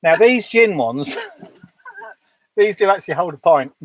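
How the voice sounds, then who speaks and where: A man's voice: high voice, animated, unhurried, no echo. A man co-hosting a casual livestream chat from a narrowboat, bantering and joking. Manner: bantering, jokey. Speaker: livestream co-host. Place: narrowboat cabin.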